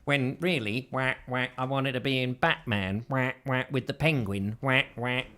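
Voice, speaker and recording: A man's voice: mid-range voice, unhurried, fairly bright tone, close to an everyday voice. A man voicing a self-important duck who quacks between his words, whining petulantly. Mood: aggrieved.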